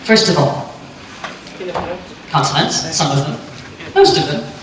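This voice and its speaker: A woman giving a clear, lightly joking talk on pronunciation to a live audience at a conference. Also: deep voice, expressive, unhurried, crowd noise. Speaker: conference speaker on pronunciation teaching. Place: lecture hall. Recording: echoey hall, distant mic, faint hum.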